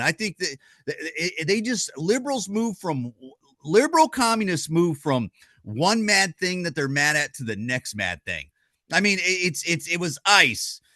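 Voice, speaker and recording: A middle-aged man vents to the camera in a loose, rambling vlog rant, cursing freely and tripping over his own restarts. His voice sits a little high and sounds bright and forceful. The sound is dry and close, with almost no room around it. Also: no room sound. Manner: rambling, blunt and profane, with many restarts and stammers; rhetorical questions to the listener. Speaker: vlogger. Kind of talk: casual ranting commentary.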